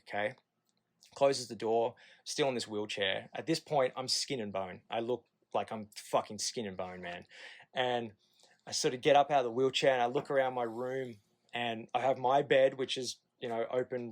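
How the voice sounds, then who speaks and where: A man in his thirties with an Australian accent tells a long personal story on a podcast. He talks casually and frankly, swears freely and slips into quick impressions of the people around him. His voice sits at a middle pitch for a man. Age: 30s. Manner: candid and profane, acting out the nurses in quoted asides. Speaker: podcast guest.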